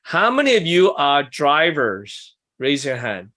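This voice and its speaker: Man workshop leader, somewhat high voice, chatty and self-deprecating, talking to a small group in a meeting room. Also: big pitch swings, slow pace, pushed and bright. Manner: conversational, asks the group questions, self-deprecating asides. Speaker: workshop leader for ministry couples. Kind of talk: casual teaching talk to a small group.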